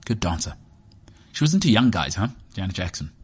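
A man's voice: low voice, sing-song, a little fast, breathy edge. A man in his thirties with a South African accent, hosting a sports show as a rambling, joking, self-mocking monologue. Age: 30s. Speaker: sports podcast host.

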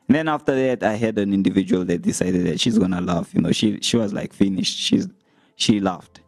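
A young man talking casually to his viewers as a vlogger, retelling comments with animated, laughing delivery. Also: fairly low pitch, normal speed, gravelly, no room sound. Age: young adult. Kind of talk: casual storytelling to camera.

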